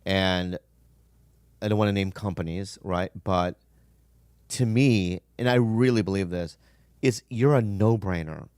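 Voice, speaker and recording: A man's voice: sits low, measured pace, long pauses, darkish tone, clean tone, dry recording, studio quality. A man in casual podcast conversation, talking in a passionate, emphatic way with lots of swearing.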